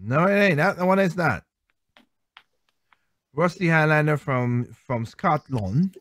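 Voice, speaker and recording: A man's voice: fairly high pitch, lively intonation, slow pace, a bit bright, no echo. A man hosting a one-man show, rambling casually and laughing often as he reads viewer comments. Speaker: host.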